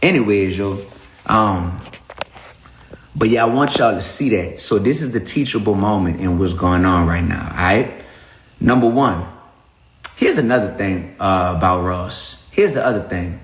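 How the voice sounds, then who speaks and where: A man, talking casually and preachily to viewers on a livestream, giving emphatic points and shout-outs. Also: low-pitched, lively intonation, a little slow, reverberant. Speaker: rapper on a livestream.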